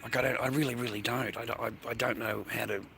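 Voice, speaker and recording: A man's voice: mid-range voice, fairly even intonation, fast, creaky, noisy background. An Australian man rambling through a live-stream monologue, swearing constantly and sounding aggrieved, outdoors in an industrial area. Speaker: livestreamer.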